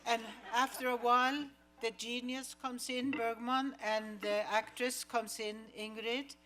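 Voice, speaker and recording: An actress answering an audience question at a film screening. She tells her story in a measured way and acts out the lines she quotes. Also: on the high side, level tone, a bit bright, soft background music. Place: cinema auditorium.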